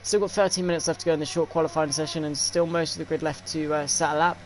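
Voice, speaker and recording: A man's voice: a little high, fairly even intonation, fast talker, slight background noise. Hesitant young male race commentator. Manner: filler-heavy, hesitant play-by-play. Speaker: lead commentator. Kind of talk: sim racing league commentary.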